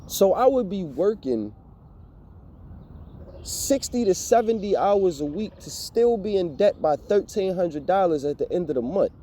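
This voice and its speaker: Young male vlogger, lively exasperated storyteller, mellow timbre, swears freely. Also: high voice, a little slow. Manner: animated, profane, exasperated storytelling. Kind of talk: casual storytime rant.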